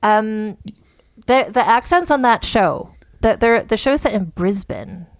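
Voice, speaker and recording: A woman from Canada, a podcast guest in casual chat, pausing often on "um". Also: on the high side, lively intonation, no echo. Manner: hesitant, with frequent "um".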